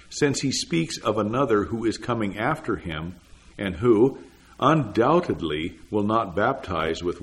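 A man reading an old sermon text aloud in a measured, deliberate way, announcing each paragraph number. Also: on the low side. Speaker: reader.

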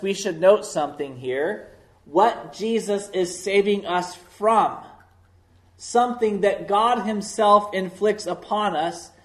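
A man preaching a sermon as pastor, slow and deliberate, leaning hard on key words. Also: sits high, reverberant.

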